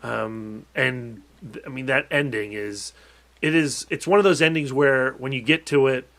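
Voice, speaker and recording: A man's voice: mid-range voice, moderate pace, a bit bright. A man with a mid-range voice talks films on a casual podcast. He is earnest, often starting with hesitant fillers before he lands his point. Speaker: podcast co-host. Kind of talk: casual film podcast chat.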